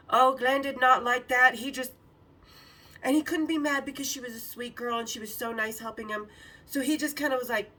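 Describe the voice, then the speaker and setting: A woman with a bright, forceful voice, pitched a little high, telling candid stories with plenty of swearing and laughter. She sits a bit back from the mic. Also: normal speed, distant mic. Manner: frank, profane, laughs often. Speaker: podcast host. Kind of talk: candid storytelling.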